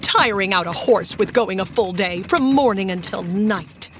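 A woman reading a storybook voicing a complaining middle-aged baker's wife in a sharp manner. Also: medium pitch, normal speed, slight background noise, lightly acted. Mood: grumbling.

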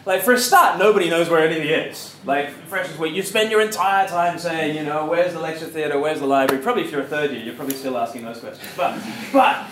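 A high, fairly bright male voice with an Australian accent fills an echoey university lecture hall, where faint noise lingers. He's a preacher giving a lighthearted, chatty evangelistic talk and asking the audience questions.

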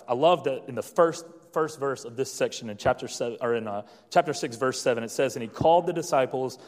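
Young male pastor, mid-range voice, storytelling sermon full of ums, echoing church hall. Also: mid-range voice. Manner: storytelling with many fillers and restarts.

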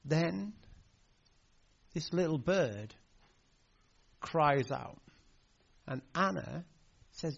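A man's voice: a little high, expressive, extremely slow, gravelly, long pauses, muffled recording. A man preaching a sermon, telling a family story in a heartfelt way with hesitant fillers. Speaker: pastor.

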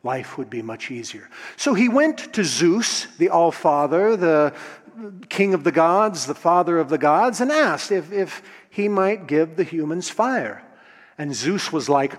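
A male storyteller recounting a myth with expressive emphasis, often restarting his phrases as he builds the scene. His voice sits a bit high for a man, and a long hall reverb trails behind every line. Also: a little slow.

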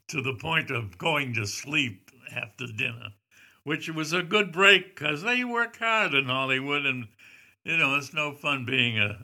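An older man casually telling a long anecdote, rambling and pausing on frequent "uh" fillers as he goes. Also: medium pitch, vocal fry, bright, forceful tone. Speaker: storyteller recalling a celebrity visit.

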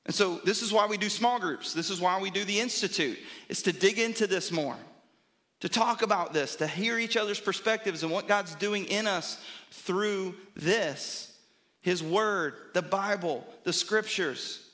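Bright-voiced, high-pitched male pastor preaching. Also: measured pace. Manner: emphatic, repeats phrases for rhythm, asks "right?". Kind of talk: sermon.

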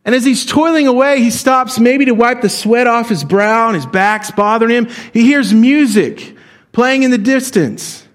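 A man's voice: very high-pitched, normal speed. A male pastor preaching a sermon in a conversational way, often asking the congregation direct questions.

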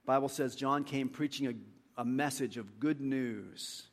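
A man preaching a sermon as a pastor, animated and dramatic, swinging between loud outbursts and quiet, low-key asides. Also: unhurried. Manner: animated, acts out quotes with big swings in loudness.

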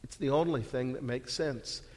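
A man's voice: mid-range voice, moderate pace, a little mellow. A man preaching a sermon, earnest and full of rhetorical questions, often repeating words as he restarts. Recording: long hall reverb.

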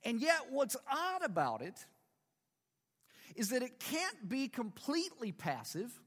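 Animated high-voiced male preacher in a hall. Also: measured pace, breathy edge. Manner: conversational preaching with rhetorical questions and humor. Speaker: pastor. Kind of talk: sermon.

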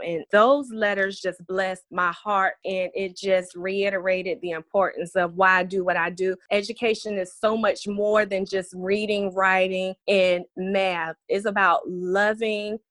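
A woman's voice: mid-range voice, fairly even intonation, a little slow, hardly any pauses, fairly bright tone, no room sound. A woman in her thirties, a special education teacher, speaking earnestly and reflectively as an interview guest. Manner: earnest, reflective, reads letters aloud. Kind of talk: heartfelt interview talk.

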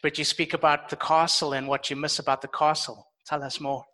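A man hosting a podcast in a casual way, briskly leading the chat with questions. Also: fairly high pitch, little pitch movement, bright, forceful tone. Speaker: podcast host.

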